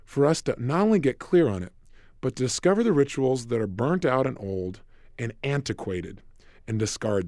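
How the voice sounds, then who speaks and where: A man giving an animated motivational talk on a recorded self-help program, emphatic and acting out dialogues. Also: mid-range voice, no room sound, clean studio sound.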